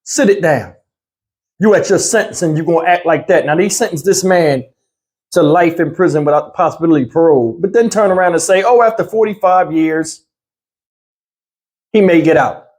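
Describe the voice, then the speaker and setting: A man's voice: fairly high pitch, moderate pace, darkish tone. Blunt, heated male commentary host. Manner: blunt, heated, slangy, talks straight to viewers. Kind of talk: casual reaction commentary.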